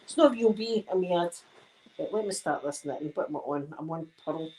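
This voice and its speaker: A Scottish woman in her fifties, an ASMR creator, talks softly while knitting and rambles through chatty stories. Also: sits low, animated, fairly quick, poor audio. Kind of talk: soft-spoken ASMR chat while knitting.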